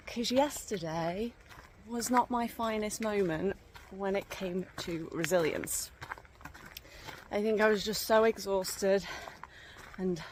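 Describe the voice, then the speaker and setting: Woman vlogger on a trail walk, chatty storyteller, mid-pitched voice, light outdoor ambience. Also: takes it slowly, long pauses, slight background noise. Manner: chatty, laughing as she tells. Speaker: walking vlogger. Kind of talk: casual vlog storytelling. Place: outdoors walking a forest trail.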